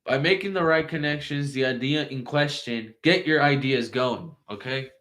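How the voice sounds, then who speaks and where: A man's voice: medium pitch, normal speed, a bit bright, rough recording. A man giving a casual online tarot reading, blunt and profane, with loose, rambling phrasing. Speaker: tarot reader.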